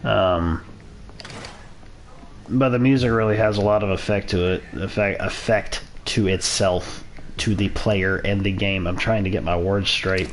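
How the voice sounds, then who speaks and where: A man's voice: low voice, steady tone, unhurried, a little hiss or hum. A young man casually commentating a game livestream, rambling loosely with silly minced oaths. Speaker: gaming streamer. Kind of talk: casual let's-play commentary.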